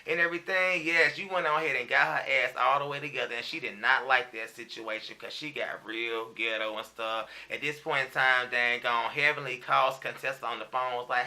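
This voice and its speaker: A man's voice: medium pitch, fairly even intonation, brisk, hardly any pauses, sharp tone. A man giving a chatty, profane, gossipy review of a reality TV episode, peppering his talk with filler phrases. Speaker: reality TV recap vlogger.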